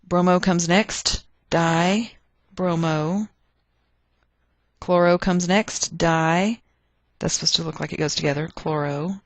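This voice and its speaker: A woman's voice: lowish voice, steady tone, takes it slowly, no room sound. A woman teaching a chemistry lesson, chatty and thinking aloud as she works through problems. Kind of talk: recorded chemistry lecture.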